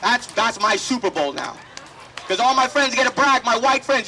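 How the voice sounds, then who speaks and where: A man's voice: very high-pitched, very animated, moderate pace, pushed and bright, a little hiss or hum, poor audio. A man doing a brash, profane stand-up set at an outdoor festival stage, slipping into voices for the people in his stories. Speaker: stand-up comedian.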